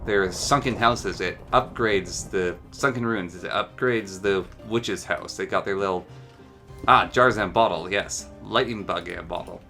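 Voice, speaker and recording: A man's voice: low-pitched, unhurried, pushed and bright, faint music behind. A man giving casual, enthusiastic commentary while showcasing a game mod, chatting and musing aloud as he goes.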